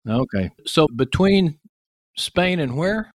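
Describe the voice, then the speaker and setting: A man's voice: a little high, lively intonation, slow, dry recording, clean studio sound. A man with a Texan accent hosting a podcast interview, talking in a chatty, joking way with rambling asides, from his home office. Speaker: podcast host. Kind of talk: casual interview chat. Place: home office in an upstairs bedroom.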